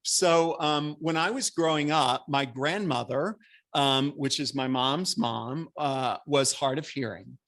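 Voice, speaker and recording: A man giving a spiritual talk to a congregation at a spiritual center, speaking in a conversational, earnest way with a voice that carries and lively acted-out asides. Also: medium pitch, slow pace. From American. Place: church hall.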